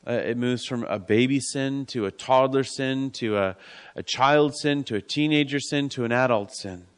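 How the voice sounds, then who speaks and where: A man preaching a sermon in an earnest way, repeating key lines and dropping to a soft hush. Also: medium pitch, moderate pace, smooth.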